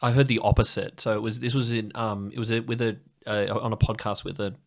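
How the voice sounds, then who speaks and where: An Australian man from Sydney, talking as a podcast guest who wanders through his theories and hedges with plenty of fillers. His voice sits a little lower than average. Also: little pitch movement, a little fast, vocal fry. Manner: rambling, hedging, many fillers. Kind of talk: casual chat.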